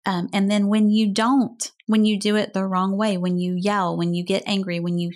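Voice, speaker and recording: A woman's voice: medium pitch, level tone, normal speed, darkish tone. A woman in her thirties, a mother co-hosting a casual faith and parenting talk, speaking earnestly. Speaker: podcast co-host. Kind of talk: casual chat.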